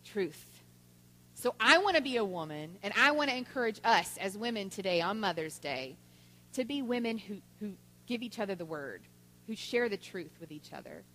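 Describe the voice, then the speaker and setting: A woman giving a Mother's Day talk in church, telling stories with lively voiced quotes. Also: medium pitch, moderate pace. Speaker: church speaker. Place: church sanctuary. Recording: long church hall reverb.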